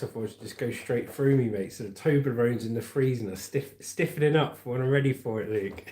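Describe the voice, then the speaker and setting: The speaker is a livestream news host from England with a southern English accent, a medium-pitched, mellow voice, and reverberant audio. Friendly and easygoing, he reads comments aloud, answers them chattily, calls viewers "mate," and laughs along with what they say.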